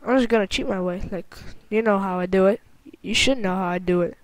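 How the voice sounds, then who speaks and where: A woman giving casual let's-play commentary, excitable and quick to exclaim or groan at her own mistakes. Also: medium pitch, no room sound. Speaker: gameplay commentator.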